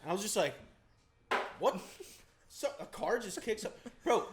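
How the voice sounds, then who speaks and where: A man's voice: high voice, sing-song, moderate pace, background noise. A man in casual chat, telling a rambling story and laughing as he goes.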